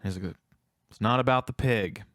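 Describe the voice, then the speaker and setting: A man co-hosts a casual film review podcast at an ordinary middle pitch. He walks through scenes at length and acts out each character's lines. His voice sits dry and close to the mic, with no room sound. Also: brisk, a bit bright, dry recording. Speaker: podcast co-host.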